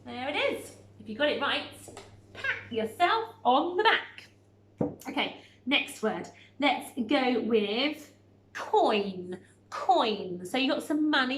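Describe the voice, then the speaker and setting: A woman teaching a recorded phonics lesson. She sounds out each word slowly and clearly and gives warm encouragement. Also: fairly high pitch, echoey room, a little hiss or hum.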